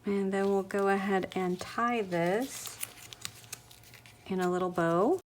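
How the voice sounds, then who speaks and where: This craft demonstrator talks slowly at a medium pitch, guiding viewers step by step through a paper project in a chatty way. She keeps gushing about how cute the result is.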